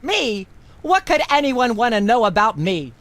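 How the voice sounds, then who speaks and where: Haughty talk show hostess. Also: female voice, fairly high pitch, very animated, unhurried, no echo. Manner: haughty, lecturing, scolding. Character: pompous older female talk show host.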